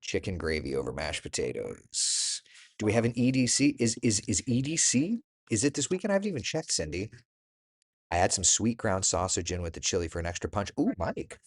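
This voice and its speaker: Chatty low-voiced man host. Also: sing-song, brisk, slightly rough. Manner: chatty, laughing, reacting to viewer comments by name. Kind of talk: casual chat reading viewer comments.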